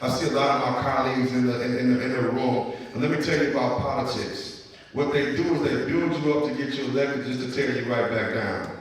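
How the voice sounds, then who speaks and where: A man, a city councilman hosting a live podcast, telling stories in an animated way and laughing as he goes. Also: medium pitch, quick pace. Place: large echoey hall with a live audience. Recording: echoey hall, distant mic.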